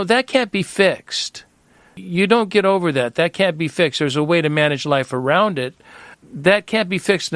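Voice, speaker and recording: A man hosts a reflective talk in a slightly high voice. He affirms his guest and thinks aloud. His voice sounds close and dry. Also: fairly bright tone, clear, resonant tone, no echo. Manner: affirming, thoughtful. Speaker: host. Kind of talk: reflective conversation.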